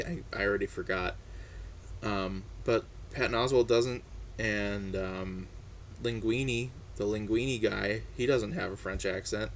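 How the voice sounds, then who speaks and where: A man's voice: lowish voice, slight background noise. A man chatting casually on his own, hesitant and full of fillers and restarts. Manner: relaxed, chatty. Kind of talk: casual personal monologue.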